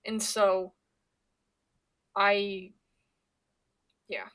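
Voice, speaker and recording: A woman's voice: medium pitch, flat delivery, very slow, a bit bright. Young woman, streamer, casual chat, swears a lot, stammers and restarts. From Pennsylvania. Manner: rambling and profane, with stammered restarts.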